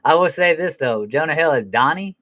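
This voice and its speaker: A man's voice: a little high, animated, a little fast, a bit bright. Rambling, foul-mouthed middle-aged man. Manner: rambling, profane, self-correcting. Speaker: film reviewer. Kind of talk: casual spoken film review.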